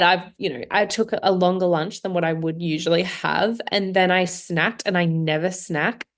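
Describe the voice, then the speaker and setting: Young woman host, solo podcast chat; animated, self-questioning storyteller, medium pitch. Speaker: podcast host, nutrition coach.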